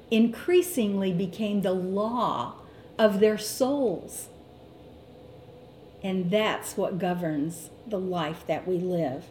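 A middle-aged woman teaches from scripture in an unhurried, deliberate sermon. Her voice is warm and dark-toned. The recording sounds roomy, with a faint ambient hum behind her. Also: medium pitch. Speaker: Bible teacher. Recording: echoey room with faint ambience.

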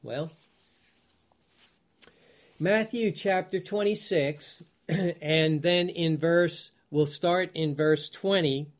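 Slow, higher-voiced man teaching scripture. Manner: reads scripture aloud then explains it, chuckling often; asks listeners rhetorical check-in questions. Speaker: Bible teacher. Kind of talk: Bible study teaching.

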